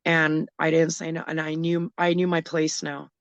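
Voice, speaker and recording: Appearing as an interview guest, a middle-aged woman tells a frightening personal story, speaking haltingly and emotionally and often restarting sentences. Her voice is low and monotone, with no room sound.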